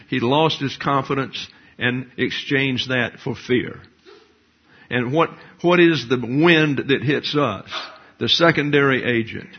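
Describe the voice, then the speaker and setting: An older man preaching a teaching sermon, measured and explanatory, with frequent rhetorical questions. His voice is husky at an average pitch. The recording sounds dull and lo-fi. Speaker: pastor.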